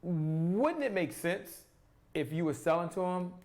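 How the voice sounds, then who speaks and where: A man coaching on sales in a live stream, energetic, asking and answering his own questions and repeating phrases for emphasis. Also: sits high. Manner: pauses to sip water.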